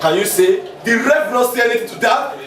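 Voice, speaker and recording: Excitable man yelling at a football match. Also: very high-pitched, quick pace, crowd noise. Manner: excitable football fan, shouting at the screen. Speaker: comedian. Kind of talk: comedy skit. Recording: echoey room, mic far off, noisy.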